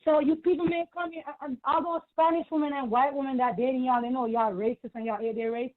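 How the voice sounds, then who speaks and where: Lady ranting on a call-in, high pitched, indignant, thin phone sound. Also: steady tone, fast, a little hiss or hum. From Caribbean. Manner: emphatic, repetitive, indignant. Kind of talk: heated call-in rant. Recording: tinny phone line.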